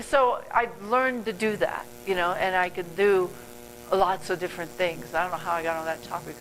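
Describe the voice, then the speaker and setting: A woman's voice: medium pitch, fairly bright tone, slight background noise, low-quality recording. An older woman giving a motivational talk as a guest speaker at a club meeting. She speaks earnestly, rambles and corrects herself mid-sentence.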